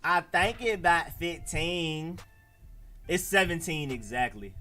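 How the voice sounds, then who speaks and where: Hosting a casual sports livestream, an Atlanta-accented man answers his chat in a lively, slangy flow while taking it slowly. His forceful voice sits a little high, with faint music in the background.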